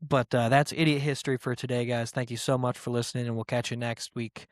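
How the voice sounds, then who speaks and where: A man's voice: medium pitch, level tone, fast, dry recording. Brief: male podcast host, irreverent and rambling, swears a lot, mid-range voice, dry close sound. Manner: rambling and profane, with filler words; irreverent and joking. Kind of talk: casual podcast monologue.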